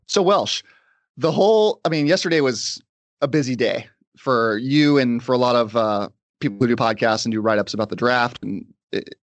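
A man's voice: medium pitch, no room sound. A man hosting a sports podcast, chatting casually and interviewing a guest. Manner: conversational, quick asides. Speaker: podcast host.

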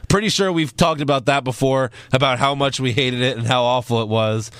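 A man's voice: medium pitch, brisk, fairly bright tone, clear, resonant tone, no echo. A man co-hosting a wrestling podcast, joking and swearing as he reads out listener questions. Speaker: podcast co-host. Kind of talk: casual podcast banter.

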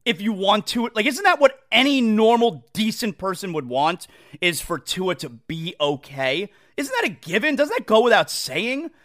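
A man hosting a sports talk show, ranting in an exasperated, animated way and mocking what others say. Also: extremely high pitch. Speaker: sports radio host. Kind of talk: opinionated sports talk rant.

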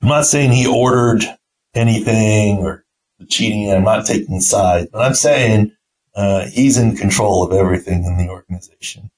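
A man's voice: lowish voice, normal speed, darkish tone, poor audio. A middle-aged man, a podcast host and team doctor, telling an anecdote in a casual way and acting out the quoted voices. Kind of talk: casual storytelling.

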